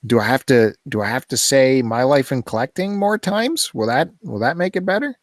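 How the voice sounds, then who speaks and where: Teasing podcast host, dry sound. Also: male voice, mid-range voice, normal speed, dry recording. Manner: teasing, animated, laughs often. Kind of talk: casual chat.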